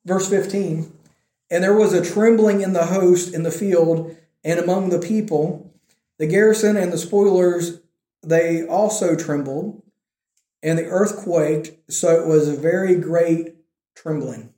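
A male preacher retelling a scripture story in a relaxed, conversational way, his voice pitched a little high but mellow in tone. He bursts into lively quoted lines as he tells it. The room around him is echoey. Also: a little slow. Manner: animated storytelling, acting out the quotes. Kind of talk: conversational sermon.

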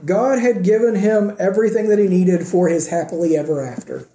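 A man preaching a sermon with earnest emphasis, swinging between raised emphatic points and quiet, soft asides. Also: high voice, fairly quick, roomy sound. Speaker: pastor.

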